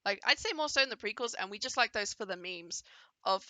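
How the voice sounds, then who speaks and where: Woman, casual game commentary, enthusiastic and playful, very bright tone, dry close sound. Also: mid-range voice, expressive, a little fast, no echo. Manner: chatty, enthusiastic, playfully voicing the characters. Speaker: gaming video creator reacting to a trailer.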